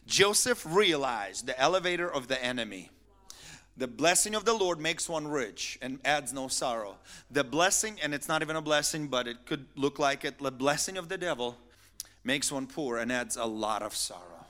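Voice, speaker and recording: A man preaching a sermon as pastor, animated and emphatic, repeating phrases to drive his points home. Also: medium pitch, normal speed.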